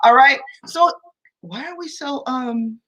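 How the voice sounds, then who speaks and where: Woman hosting a livestream, high bright voice, chatty and animated, keeps saying y'all. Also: slow pace, rough recording. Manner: animated storytelling, addresses viewers as y'all. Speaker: co-host of a family talk livestream. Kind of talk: casual livestream chat.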